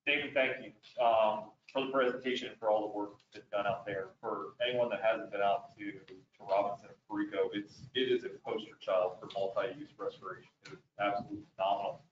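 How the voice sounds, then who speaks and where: A man's voice: on the low side, level tone, fairly quick, few pauses, a little hiss or hum. A man at a board meeting thanking the speaker and asking a wordy follow-up question. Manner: appreciative, wordy. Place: meeting room. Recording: distant, echoey, muffled room audio.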